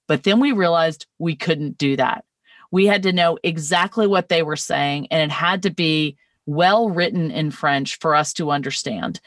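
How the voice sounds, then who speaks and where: A woman with a fairly low voice hosts a podcast conversation, talking through things at length and often restarting her sentences. She sits some way back from the mic. The room around her is dry and dead. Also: a bit bright, dry recording, distant mic. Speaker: podcast host and filmmaker.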